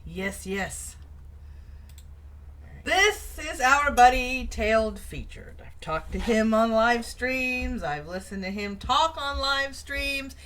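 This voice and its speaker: Chatty bright-voiced woman co-host. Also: fairly high pitch, expressive, takes it slowly. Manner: chatty, laughs often. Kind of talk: casual news and chat show.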